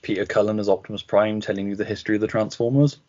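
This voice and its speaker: A man's voice: fairly low pitch, little pitch movement, rapid-fire, darkish tone, dull audio. A man co-hosting a podcast over a video call, chatting candidly, swearing and laughing through his stories. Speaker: podcast co-host.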